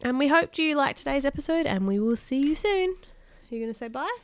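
Sounding animated and a little fast, a high-voiced woman reads a picture book on her podcast and trades playful chatter with a child.

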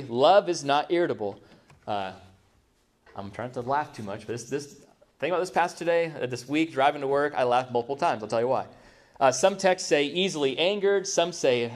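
A middle-aged man preaching a sermon as pastor, talking conversationally, asking the congregation questions and acting out people's excuses. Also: medium pitch. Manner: conversational, asks the audience rhetorical questions; acts out quoted excuses in a mocking voice.

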